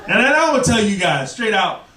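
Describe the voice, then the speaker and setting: A man's voice: high voice, big pitch swings, a little fast, recorded from a distance. A man doing a stand-up comedy set in a club, teasing the audience with slang-filled banter. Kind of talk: stand-up set with crowd work. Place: comedy club stage before a live audience. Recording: roomy, off-mic, loud crowd and noise. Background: loud audience laughter.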